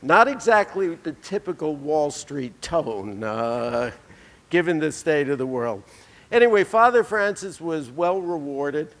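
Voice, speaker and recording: A man's voice: a little high, lively intonation, measured pace, fairly bright tone. A man delivering a conference keynote, telling anecdotes with dry humor. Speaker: keynote speaker. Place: conference hall. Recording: reverberant lecture hall.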